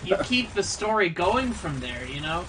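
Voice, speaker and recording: A man's voice: sits high, very animated, sharp tone. Rambling, joking man on a noisy stream. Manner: rambling, halting, joking and teasing. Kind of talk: casual chat among friends.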